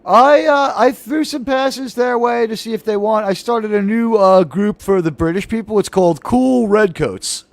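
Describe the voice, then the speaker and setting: A man's voice: high voice, moderate pace, gravelly, hardly any pauses, no echo. A man hosting a live comedy talk show, chatting casually and rambling with jokes. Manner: rambling, jokey, with restarts.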